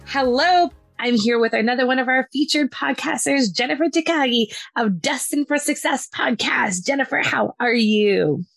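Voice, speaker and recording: A woman's voice: high voice, normal speed, vocal fry, few pauses, a bit bright, no room sound, clean studio sound, soft background music. A woman hosting a podcast interview, upbeat and bubbly as she asks questions. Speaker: podcast host. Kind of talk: casual interview chat.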